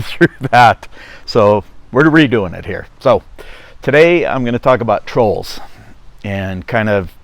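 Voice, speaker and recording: A man's voice: fairly low pitch, no room sound. Norwegian man rambling on a vlog. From Norway (Stavanger). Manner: rambling, self-correcting, chuckling. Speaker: vlogger. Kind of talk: casual vlog talk.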